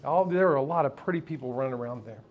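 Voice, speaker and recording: A man's voice: medium pitch, very fast, phone-quality sound, a little hiss or hum. A man telling a candid, profane personal story at a live storytelling event, often laughing along with the audience. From United States. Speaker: storyteller on stage. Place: live stage before an audience.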